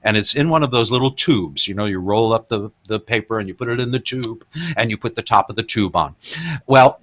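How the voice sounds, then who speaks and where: A man's voice: fairly low pitch, a little fast, fairly bright tone. A man hosting a podcast, animatedly retelling film scenes in casual chat and laughing often. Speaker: podcast host.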